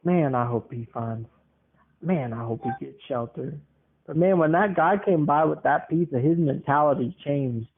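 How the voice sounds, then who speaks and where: A man's voice: on the high side, moderate pace. A man in his twenties hosting a podcast, telling stories in a rambling, chuckling way. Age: 20s. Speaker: podcast host. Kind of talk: casual rambling monologue. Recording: tinny phone-like lo-fi sound.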